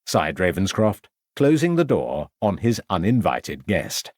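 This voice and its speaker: A man reads a crime novel aloud in a measured storytelling way. His voice is low but moves a lot, and the recording is close and dry. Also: very animated, darkish tone, no room sound. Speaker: audiobook narrator. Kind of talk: scripted narration.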